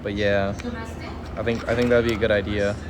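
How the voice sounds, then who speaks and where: A man's voice: fairly low pitch, little pitch movement, brisk. A young man livestreaming from an airport terminal floor on his phone, rambling in a half-whispered, self-mocking way. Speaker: streamer. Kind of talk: casual livestream chat. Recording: phone stream with airport noise.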